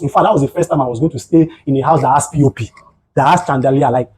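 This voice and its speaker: A man's voice: medium pitch, fast, slight background noise, rough recording. A man with a Nigerian accent giving a motivational talk on mental health, telling stories and asking his listeners rhetorical questions. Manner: animated storytelling, rhetorical questions. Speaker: psychotherapist and guest speaker.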